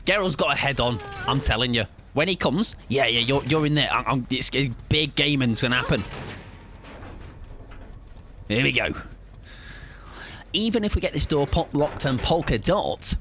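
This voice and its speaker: A man's voice: mid-range voice, expressive, moderate pace, long pauses, a bit bright. A young man chatting playfully and joking as he streams a game. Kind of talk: casual live-stream gaming chat.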